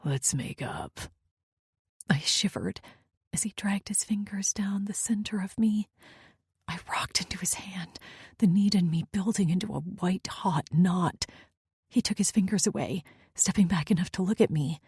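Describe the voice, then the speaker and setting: A woman's voice: mid-range voice, normal speed, darkish tone, slightly rough, no echo, studio quality. A woman narrating a first-person romance audiobook in an intimate, often near-whispered manner.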